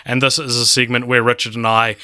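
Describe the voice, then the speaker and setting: A man's voice: mid-range voice, little pitch movement, brisk, sharp tone, clear, resonant tone, no echo, studio quality. A man co-hosting a podcast in casual chat, explaining and recapping things at length. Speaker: podcast co-host.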